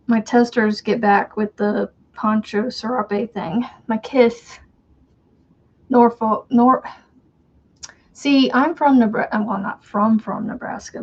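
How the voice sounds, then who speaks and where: A woman's voice: a little high, darkish tone, highs cut off. A woman with a faint Southern American accent, hosting a crochet livestream and chatting casually with viewers, rambling and laughing often.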